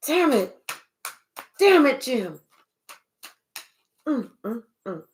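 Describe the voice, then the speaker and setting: A woman giving a casual spiritual reading in a high voice, taking her time over each phrase. She talks in an animated, profane way and often slips into acted-out voices of the people she describes. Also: very slow, long pauses, slight background noise. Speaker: spiritual reader. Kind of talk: casual live reading monologue.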